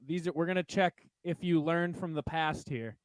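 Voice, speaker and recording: A man's voice: a little high, fairly even intonation, normal speed, no echo. A man co-hosting a podcast, teasing his guests as he runs a casual quiz. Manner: joking, teasing quizmaster. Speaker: podcast co-host. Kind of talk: casual chat.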